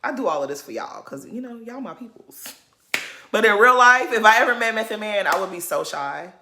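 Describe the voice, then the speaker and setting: A woman's voice: mid-range voice, lively intonation, a little fast, bright, forceful tone, slight background noise. A woman vlogger recapping a reality show in a sassy, gossipy way, laughing often. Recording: roomy echo.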